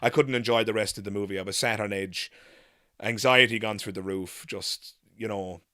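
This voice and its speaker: A man hosting a live Q&A, telling a story in an animated, frank way and swearing casually. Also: lowish voice, moderate pace, dry recording, clean studio sound. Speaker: host.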